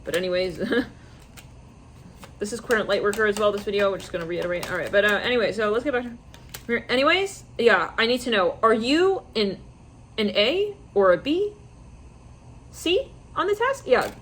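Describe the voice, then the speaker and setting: A woman giving a casual, rambling psychic tarot reading to her viewers, slipping into quick quoted asides. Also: medium pitch, expressive, fairly bright tone, a little hiss or hum. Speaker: tarot reader.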